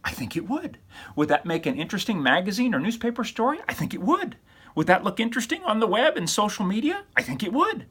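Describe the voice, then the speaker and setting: A man, a college professor, giving recorded feedback to his students in an over-animated, teasing way, throwing in rhetorical questions and silly exaggerated voices. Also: high voice, fast talker, husky.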